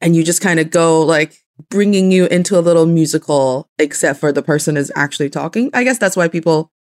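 A woman's voice: low voice, fairly quick, darkish tone. A young woman from Northeast China, a native Mandarin speaker with a Northeastern Chinese accent, talking in a casual conversation. She laughs often and restarts her sentences. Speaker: guest.

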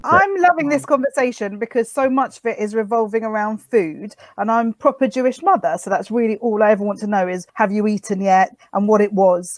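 A woman's voice: on the high side, no echo. A woman hosting a podcast, chatting and telling stories in a casual way. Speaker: podcast host.

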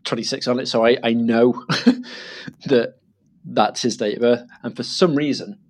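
A man's voice: medium pitch, unhurried. A young man chatting casually, telling a rambling family story with laughs and acted-out quotes.

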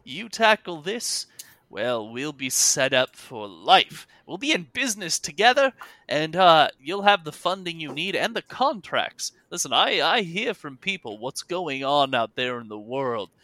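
Man playing a slick, coaxing merchant with a bright, raised voice, dry close sound. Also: a little high, very animated, a little slow, no echo, full character voice. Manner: coaxing, salesman-like. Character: smooth-talking male merchant patron, persuasive.

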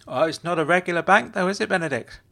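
A brisk young woman who asks pointed questions and talks in a matter-of-fact way, as a male reader puts her on. She pushes hard but stays kind underneath, and her voice sits high above the storyteller's own. This is storybook narration. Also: gravelly, sharp tone, full character voice. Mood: probing.

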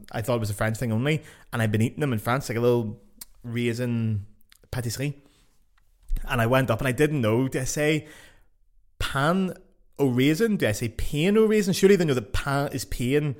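A Northern Irish man talking straight into a podcast mic in a loose, unscripted monologue. He is blunt and swears freely. He pokes fun at himself with a dry edge, at a medium pitch. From Northern Ireland. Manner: blunt, sweary and self-mocking. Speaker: podcast host.

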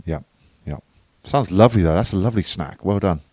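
A man's voice: low voice, animated, fairly quick, darkish tone, husky, dry recording, clean studio sound. A man co-hosting a podcast, teasing his friend in casual banter. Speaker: podcast co-host. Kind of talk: casual chat.

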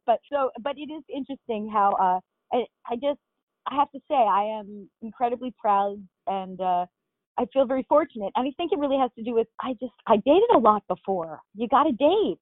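A woman's voice: fairly high pitch, expressive, normal speed, no room sound. Long Island woman on a tinny line. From Long Island, New York. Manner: chatty, many fillers and restarts. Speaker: guest actress. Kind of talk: casual interview chat. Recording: dry tinny phone-like line.

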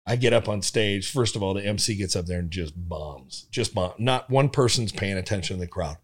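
Middle-aged male comic, slightly low voice, lively anecdote teller in podcast chat. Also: a little fast. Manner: animated storyteller who laughs through his stories. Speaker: guest comedian. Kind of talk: casual podcast storytelling.

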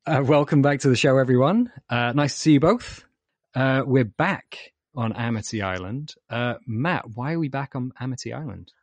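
A man co-hosting a podcast, chatting in a halting, wry way. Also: mid-range voice, lively intonation, no room sound. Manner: hesitant, wry. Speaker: podcast co-host. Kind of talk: casual chat.

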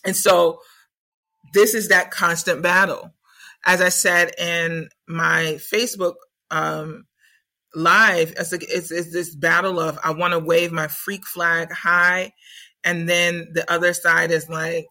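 A woman podcast host and spiritual coach teaching in an animated, conversational way, often asking "right?". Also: fairly low pitch, unhurried, poor audio. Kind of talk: casual spiritual teaching talk.

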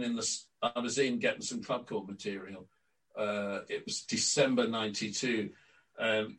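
An older man, a guest on an interview podcast, telling lively stories from his career and acting out quotes. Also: fairly low pitch, far from the mic, poor audio. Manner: lively raconteur, acts out quotes. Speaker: interview guest, former club announcer. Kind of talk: anecdotal storytelling.

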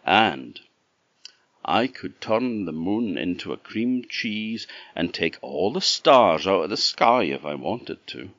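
Scottish storyteller as a clever cheeky lass, pitch leaping about. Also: male voice, very animated, slow pace, fairly bright tone, no echo, highs cut off, exaggerated voice. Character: clever, cheeky young girl.

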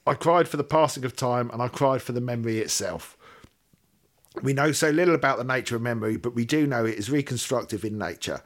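A man's voice: mid-range voice, fast talker. A man co-hosting a podcast, reading a listener's letter aloud steadily and adding wry asides. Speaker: podcast co-host.

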